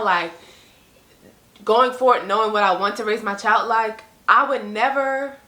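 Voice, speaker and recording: Speaking in a fairly high, bright, forward voice, a young female vlogger talks casually and earnestly, peppering her conversational speech with "like" and "you know." She often acts out animated quotes from others, and her room adds a clear echo.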